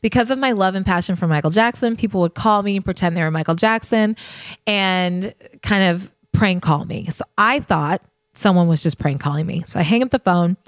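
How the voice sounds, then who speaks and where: Woman in her 50s from the US, podcast host, confiding storyteller, mid-pitched voice, dry close sound. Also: normal speed, no echo. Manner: chatty, confiding, addresses listeners directly. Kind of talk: personal storytelling.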